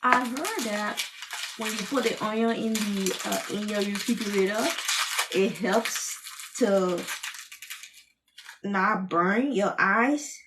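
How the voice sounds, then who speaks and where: Woman from Liberia, cooking vlog, slow unhurried talk, teary from onions, noisy kitchen with clattering pots. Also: medium pitch, recorded from a distance. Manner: chatty, greets live viewers while chopping. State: teary-eyed from cutting onions, sighing. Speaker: cooking channel host.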